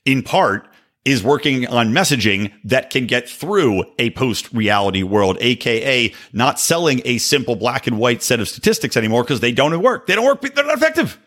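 A man's voice: mid-range voice, a bit bright. A man hosting a podcast, delivering sarcastic, opinionated political commentary with joking asides. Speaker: podcast host.

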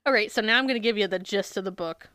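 A woman's voice: mid-range voice, fast, pushed and bright, clean tone, dry recording, clean studio sound. A woman co-hosting a podcast in casual chat, sarcastic and swearing often as she retells a book. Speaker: podcast co-host.

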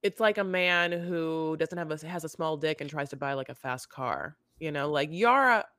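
A woman's voice: low-pitched, moderate pace, dry recording. Woman podcaster rambling thru a recap, lots of likes and you knows, dry sound. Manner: rambling, filler-heavy, animated retelling. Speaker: podcast co-host. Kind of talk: casual chat recapping a reality show.

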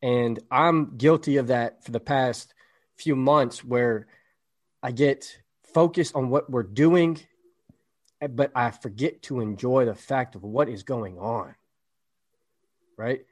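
Brief: male podcast co-host, mid-pitched, casual, motivational and emphatic. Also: takes it slowly, pauses often. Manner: motivational, emphatic, lots of "right?".

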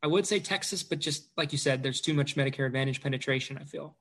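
A man's voice: fairly high pitch, fast, a bit bright. A man who is a guest insurance agent, chatting casually and thinking aloud in a hesitant way. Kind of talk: casual chat.

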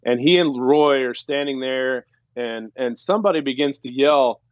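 A man's voice: medium pitch, normal speed, no room sound, lo-fi sound. A man, a former pro ballplayer, telling a story on a podcast in a loose, rambling way with many fillers and restarts. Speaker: former pro baseball player, podcast guest. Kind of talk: casual storytelling.

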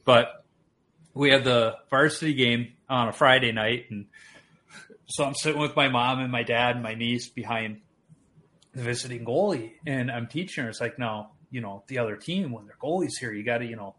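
A man hosting a laid-back conversation, recounting anecdotes with lots of laughter. His telling is lively and chatty, never scripted. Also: medium pitch, moderate pace. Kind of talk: casual storytelling chat.

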